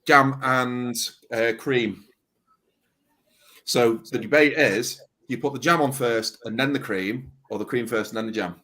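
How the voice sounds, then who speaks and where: A man's voice: medium pitch, a little slow, sharp tone. Northern english guy, easygoing, plain talking, explaining stuff to mates. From England. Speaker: guest YouTuber on a livestream. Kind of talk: casual chat.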